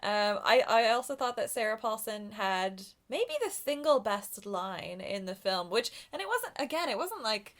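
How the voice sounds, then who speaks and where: A woman's voice: a little high, expressive, normal speed, hardly any pauses, fairly bright tone. Giggly, chatty woman co-host. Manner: chatty, giggly, trails off into asides. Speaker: podcast co-host. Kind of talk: casual film chat.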